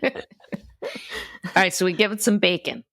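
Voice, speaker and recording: A woman's voice: mid-range voice, animated, normal speed, vocal fry, a bit bright. A woman playing a tabletop game, chatting in an easygoing way. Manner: easygoing, laughs often. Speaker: player. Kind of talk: casual tabletop gameplay chat.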